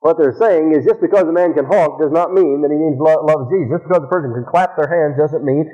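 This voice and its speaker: A pastor preaching a sermon, reading scripture slowly and with emphasis, recorded as a dull, lo-fi radio broadcast. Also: male voice, fairly high pitch, mellow.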